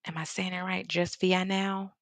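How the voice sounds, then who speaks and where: A woman with a Chicago accent, from the Midwest, hosting a relaxed livestream while she paints. Her voice sits on the low side and sounds dry and close. She chats warmly with viewers, reads out their comments and laughs often. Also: moderate pace, no room sound. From American Midwest. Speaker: artist livestream host. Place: home studio in Seattle.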